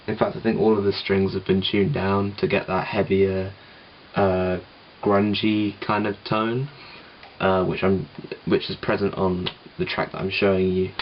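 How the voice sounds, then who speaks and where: Low, flat-voiced man rambling about his guitar. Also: a little slow, dull audio, slight background noise. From England. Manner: rambling, self-deprecating, many ums. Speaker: musician explaining his song. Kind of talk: casual home tutorial. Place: home room with guitar gear.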